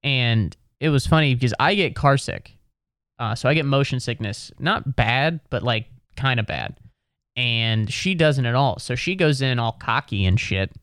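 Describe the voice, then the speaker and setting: A man's voice: medium pitch, lively intonation, unhurried, a bit bright, dry recording. Exasperated man riffing stand-up, profane, dry mic. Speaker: comedian. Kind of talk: stand-up comedy monologue.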